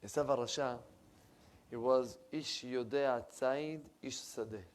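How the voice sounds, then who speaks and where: A middle-aged male rabbi preaching a sermon in a synagogue, animated and emphatic, swinging from loud to soft. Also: mid-range voice, a little slow.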